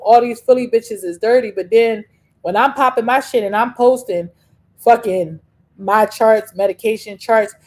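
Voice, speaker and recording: A woman's voice: medium pitch, a little mellow. A young adult woman hosting a talk show, ranting in a profane, combative, rambling way with frequent restarts. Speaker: podcast host. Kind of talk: casual rant monologue.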